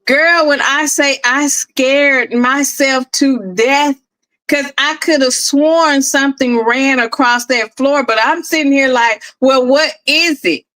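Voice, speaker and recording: Middle-aged woman host, high, bright and animated, casual storytelling. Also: slow pace, poor audio. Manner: animated, laughing often, addresses listeners as "girl". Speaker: podcast host. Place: at home, in her office.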